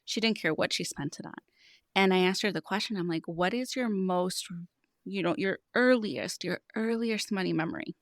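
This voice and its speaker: A woman's voice: medium pitch, normal speed, no echo, clean studio sound. A woman in her thirties, a money coach speaking as a podcast guest, telling stories in an earnest, explanatory way. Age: 30s. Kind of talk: casual podcast conversation.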